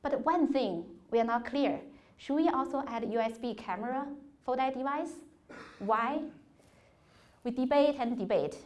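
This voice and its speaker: A woman's voice: high voice, a little slow, darkish tone. A woman giving a workshop talk to students, telling career stories in earnest, non-native phrasing with a few restarts. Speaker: conference speaker. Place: lecture hall.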